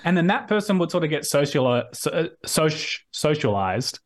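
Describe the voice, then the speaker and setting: A man's voice: fairly high pitch, sing-song, normal speed. Australian man as interview guest over video call; chatty, restarts often, acts out quotes. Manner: rambling with frequent restarts, acts out quoted voices. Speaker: podcast guest. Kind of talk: casual conversational interview.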